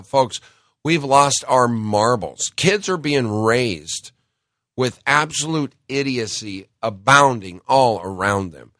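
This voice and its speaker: Slow, indignant man with a cold. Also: medium pitch, animated, fairly bright tone, dry recording, clean studio sound. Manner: indignant, emphatic, addresses listeners as folks. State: has a cold, clears throat. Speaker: talk show host. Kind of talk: opinionated monologue.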